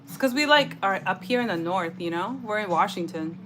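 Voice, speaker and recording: A woman's voice: medium pitch, animated, brisk, a bit bright, low-quality recording. A woman from San Diego co-hosting a casual cooking livestream, chatting in slang and reading out viewer comments. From San Diego, California, USA. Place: home kitchen. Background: background music.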